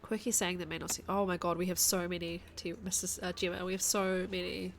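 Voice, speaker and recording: Softly accented New Zealand woman streaming. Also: fairly low pitch, flat delivery, brisk, a little hiss or hum. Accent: New Zealand, soft. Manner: chatty, reads chat aloud, thinks out loud. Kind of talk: casual live gaming chat.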